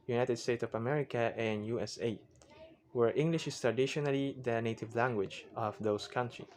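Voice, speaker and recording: A man giving a recorded class lecture, reading definitions aloud in a halting, repetitive way. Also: medium pitch, a little hiss or hum. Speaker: student presenter.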